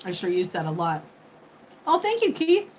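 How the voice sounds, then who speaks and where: A woman's voice: on the low side, wildly swooping pitch, normal speed, a little mellow, low-quality recording. A woman in her fifties hosting a casual livestream, chatting and thanking viewers by name. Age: 50s. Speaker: livestream host. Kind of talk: casual live chat with viewers. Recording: faint background noise.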